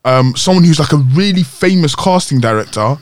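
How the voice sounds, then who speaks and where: This is a young man hosting a casual podcast chat. His voice sits a little high and swings widely as he banters and laughs with his mates. The sound is dry and close to the mic. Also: expressive, no echo. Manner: laughing often, quick banter. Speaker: podcast host.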